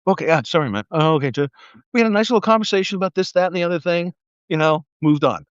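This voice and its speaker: A former police officer tells stories and rants in a casual livestream monologue, animated and laughing, acting out quoted voices and swearing often. He speaks fast in a high, clear, resonant voice, captured on a livestream mic with a dry but dull recording.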